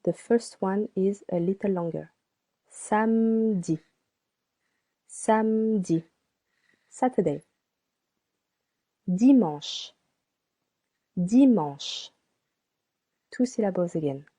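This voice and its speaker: A woman teaching a beginner French lesson, slowly spelling out and repeating each word for practice. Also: mid-range voice, dark tone. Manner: slow and deliberate, repeats words for practice. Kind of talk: slow scripted language lesson.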